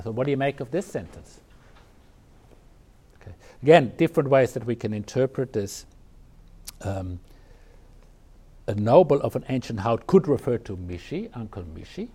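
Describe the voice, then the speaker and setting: A man's voice: mid-range voice, warm tone, breathy edge. A man, a Zen teacher giving a conversational dharma talk on a koan, with frequent restarts and fillers.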